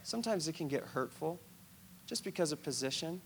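Gravelly high-voiced male preacher. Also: a little fast, a little hiss or hum. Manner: conversational, storytelling, animated. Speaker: pastor. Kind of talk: sermon.

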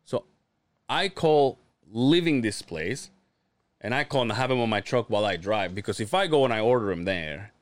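Male podcast co-host, mid-pitched, animated delivery, swears freely, very dry close sound. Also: normal speed, no echo. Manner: storytelling, swearing, acting out quotes. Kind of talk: casual chat.

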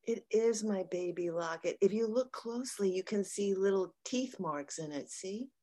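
A woman's voice: medium pitch, normal speed, dark tone, close to an everyday voice. A woman playing a sincere partner in an improvised comedy scene who airs small grievances. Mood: earnest. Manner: earnest, then pointedly complaining. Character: earnest woman giving a keepsake, passive-aggressive.

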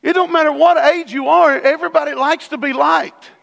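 A man's voice: extremely high pitch, steady tone, a little fast, creaky, a bit bright, dull audio. A man preaching a sermon as pastor in a church, conversational with sudden emphatic bursts. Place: church sanctuary. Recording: long hall reverb.

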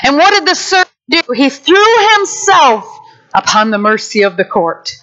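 A woman preacher delivering a sermon with animated storytelling, acting out the characters. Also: high-pitched, normal speed. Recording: dull lo-fi sound.

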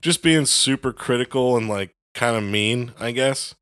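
A young man with a mid-range voice chats casually on a podcast. He talks in an animated way, says "like" often, and breaks into little acted voices. The recording is close and dry. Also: medium pitch, normal speed, no room sound. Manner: animated, heavy on "like", acts out voices. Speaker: podcast co-host. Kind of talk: casual faith chat.

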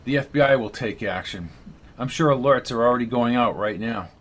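A man's voice: mid-range voice, a little fast, a bit bright, natural voice, rough recording. A man voicing a determined man racing to stop a killing, speaking in an urgent, clipped way.

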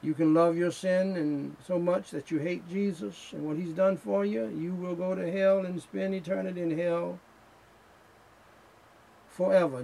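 Slow, gravelly preacher. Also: male voice, fairly high pitch, a little mellow, rough recording. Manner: slow, emphatic preaching with rising fervor. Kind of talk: sermon.

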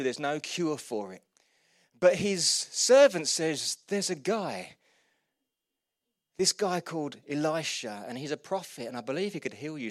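A man preaching a sermon, retelling Bible stories with humour and animated quoted voices. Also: fairly high pitch, no room sound, studio quality. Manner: lively storytelling, voices quotes, laughs at own jokes.

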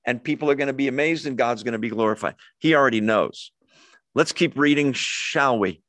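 A man's voice: medium pitch, brisk, a bit bright, dry recording. Man preaching a chatty sermon. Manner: conversational, asks the room questions. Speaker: pastor. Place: church hall with a live congregation.

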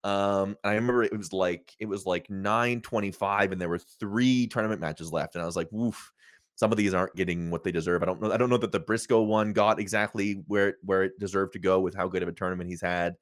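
Male co-host, lowish and hesitant, repeats words while thinking aloud, dry close-mic sound. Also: steady tone, brisk, hardly any pauses, a bit bright, no echo. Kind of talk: casual livestream review chat.

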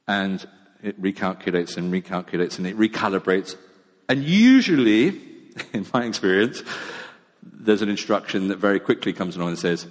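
A man's voice: on the low side, lively intonation, normal speed. A middle-aged man, preaching a sermon in a chatty, self-mocking storytelling way. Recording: long echo of a large hall.

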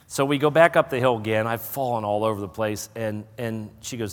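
A middle-aged man preaching a sermon, telling a folksy personal story before rising into loud preaching. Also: on the low side, fairly even intonation, a little fast. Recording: hall reverb.

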